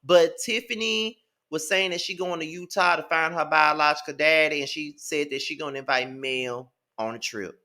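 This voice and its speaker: A man in his thirties with a Mississippi Southern accent, recapping a reality show in a sassy, profane, animated way. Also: on the high side, moderate pace. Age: 30s. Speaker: TV show reviewer. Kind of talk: casual recap commentary.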